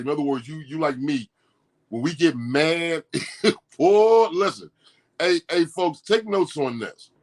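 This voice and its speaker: Animated slangy male podcast host. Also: on the high side. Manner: animated, laughing, slangy, repeats himself. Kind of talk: casual morning show chat.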